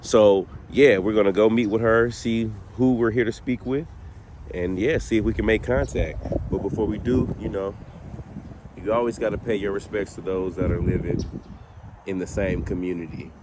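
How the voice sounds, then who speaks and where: A man hosting a casual paranormal vlog outdoors at a cemetery, his voice jumping up whenever he gets excited. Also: fairly low pitch, normal speed. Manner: excitable, voice jumps up when excited. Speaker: host. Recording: outdoor street noise behind.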